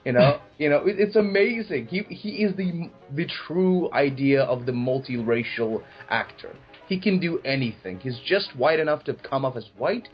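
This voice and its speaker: A young man in casual film review chat, profane and riffing with mocking asides, husky voiced. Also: medium pitch, animated, moderate pace, hardly any pauses, muffled recording, faint music behind. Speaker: podcast co-host.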